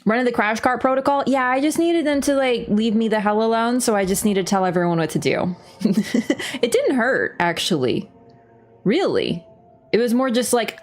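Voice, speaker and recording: A woman's voice: mid-range voice, moderate pace, faint music behind. A woman streamer casually telling a story during a game livestream, laughing and swearing freely. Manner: lively, laughing, swears casually, acts out voices. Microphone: webcam setup.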